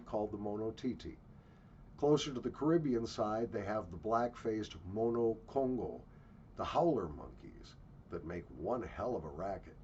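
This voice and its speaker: A man's voice: medium pitch, darkish tone, lo-fi sound, a little hiss or hum. A man from the United States giving blunt, sarcastic travel commentary with swearing. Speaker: travel vlogger.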